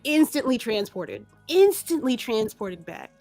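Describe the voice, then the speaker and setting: A woman co-hosting a casual podcast, talking in an animated way with laughs and many restarts. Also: fairly high pitch, a little slow, faint music behind. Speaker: podcast co-host. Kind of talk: casual chat.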